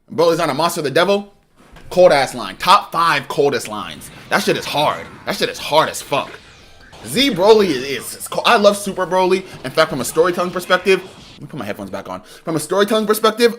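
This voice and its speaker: Excitable young male game streamer. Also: a little high, slight background noise. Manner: excitable, rambling, laughing. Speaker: gaming streamer. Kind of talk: live gameplay commentary.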